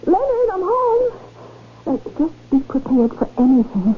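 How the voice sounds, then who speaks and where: A worried, chatty wife stammers and restarts in a fairly high voice, in 1970s radio drama style. It comes through thin and tinny like an old broadcast, with a faint hiss. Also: female voice, big pitch swings, unhurried, exaggerated voice. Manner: hesitant, stammering, nervous restarts. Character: anxious wife of a changed man, chatty.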